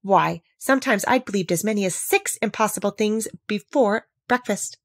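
A woman reading a storybook aloud, voicing a fussy, scatterbrained elderly queen who frets and rises to squeaks. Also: normal speed, no echo, lightly acted. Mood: brisk, decided. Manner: fretful, fluttery, rising to squeaks.

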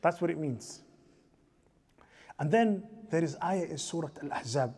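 Acting as imam, a man lectures in a mosque, posing rhetorical questions to the audience and chanting scriptural verses in a raised voice. His voice leans high and slightly rough, a bit mellow, expressive, and unhurried.

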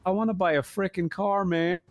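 A man's voice: high-pitched, fairly even intonation, a little fast, slight background noise. A man streaming a role-play game and chatting in profane, joking banter.

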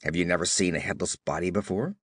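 A man voicing a gruff, brawny barbarian warrior who talks in curt growls, read as an audiobook character. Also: low voice, quick pace, a bit bright, no room sound, studio quality, pitched below the performer's own voice.

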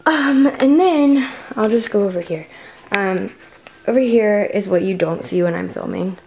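A teenage girl chats through a casual vlog with a creaky vocal fry at a middle pitch. She rambles and piles on fillers as she talks to a handheld camera in her bedroom. Faint noise sits behind her. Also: measured pace. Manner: rambling, filler-heavy chatter. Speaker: vlogger. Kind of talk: casual room-tour vlog.

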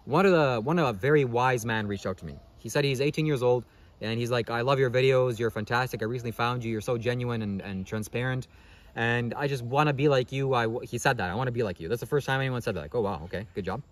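A man rattles through a rambling motivational monologue at high speed. He keeps asking himself questions and answering them, and tags most points with "okay?". His pitch sits in the middle range. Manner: fast-talking, rhetorical questions, frequent "okay?". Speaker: spiritual vlogger.

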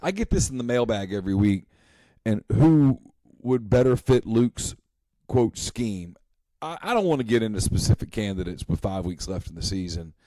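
A man co-hosting a sports talk show, his pitch swinging widely as he talks. He acts out scenes in quoted voices. The studio sound is close and dry. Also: lively intonation, normal speed, dark tone, no echo, low-quality recording.

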